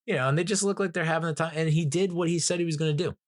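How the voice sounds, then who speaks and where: A man's voice: on the high side, fairly even intonation, racing, no room sound, clean studio sound. A man giving a casual, rambling movie review, emotional and swearing a lot, with frequent laughs.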